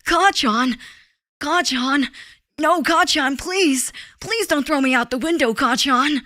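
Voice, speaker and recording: A woman voicing an earnest, excitable teenage boy hero in a boyish, pleading voice. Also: high voice, takes it slowly, dry recording, clean studio sound, voice pushed up, full character voice.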